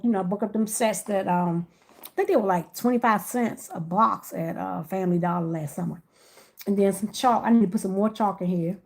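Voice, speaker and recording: A woman hosts a casual livestream while wrapping gift baskets, chatting with viewers by name and laughing often. Her voice is mid-range, with a little hiss or hum in the recording.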